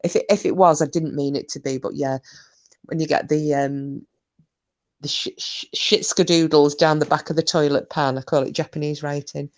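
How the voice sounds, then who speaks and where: A woman's voice: low-pitched, steady tone, normal speed. A middle-aged woman, hosting a casual livestream, reading chat messages aloud and trading cheeky, bawdy banter. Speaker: live stream host reading chat.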